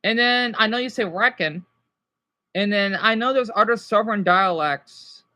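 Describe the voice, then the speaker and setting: A woman's voice: mid-range voice, moderate pace, pushed and bright. A woman streaming live and chatting casually with her viewers.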